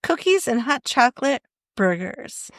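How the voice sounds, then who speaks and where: A woman's voice: sits high, very animated, measured pace, dry recording, clean studio sound. A young woman co-hosting a podcast, chatting casually and reading quiz questions aloud with laughs. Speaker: podcast co-host. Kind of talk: casual chat.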